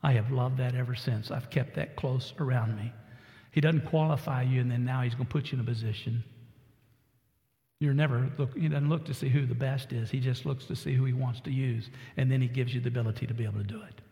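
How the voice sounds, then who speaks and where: Gravelly Texan preacher in a big hall. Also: male voice, medium pitch, fairly even intonation, a little fast, dark tone. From Texas. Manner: folksy storytelling, building to emphatic exhortation. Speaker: pastor. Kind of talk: sermon.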